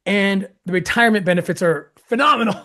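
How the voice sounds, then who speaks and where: A man hosting an interview, telling a story with excitement, acting out what others said and breaking into laughter. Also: fairly quick. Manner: excitable, acts out quoted dialogue with jumps in pitch; frequent restarts and laughter. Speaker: host.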